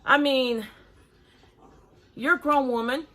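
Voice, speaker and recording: A woman's voice: high-pitched, steady tone, takes it slowly, a bit bright. A woman in her forties hosting a reaction video, talking bluntly and critically in casual chat while breathing hard. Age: 40s.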